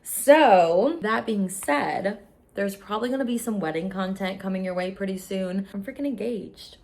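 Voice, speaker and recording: A woman's voice: medium pitch, normal speed, vocal fry, darkish tone. Young woman, chatty storytime vlogger; gushing, emotional delivery, mid-range voice. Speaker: beauty vlogger. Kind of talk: casual storytime chat.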